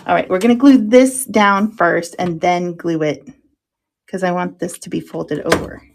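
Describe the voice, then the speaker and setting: A woman's voice: fairly low pitch, steady tone, moderate pace, creaky, noisy background. Chatty self-mocking woman crafting. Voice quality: drops into soft whispers while concentrating. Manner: chatty and self-mocking, talks to herself while working, laughs often. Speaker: crafter hosting a making show. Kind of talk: casual crafting chat.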